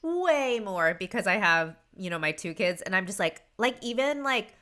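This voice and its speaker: Chatty thirties woman guest, bright smooth tone, emotional and laughing. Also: medium pitch, very animated, moderate pace. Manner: emotional, laughs often while talking; chatty with many fillers. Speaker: podcast guest. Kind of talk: casual conversation.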